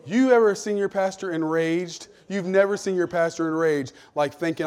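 A middle-aged male pastor, preaching a lively sermon full of personal stories, moving from jokey asides to loud rebukes. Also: high voice, moderate pace, clear, resonant tone. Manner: animated, shifts from jokey asides to shouted rebukes.

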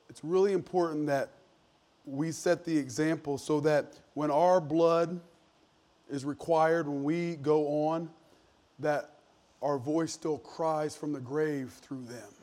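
Pastor, forties, preaching earnest and emphatic, slightly higher voice, folksy restarts. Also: male voice, a little mellow. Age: 40s. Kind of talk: sermon.

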